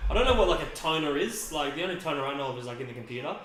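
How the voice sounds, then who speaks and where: Deadpan young Australian man, roomy echo. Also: fairly high pitch, rapid-fire, faint music behind. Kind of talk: casual chat. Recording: echoey room.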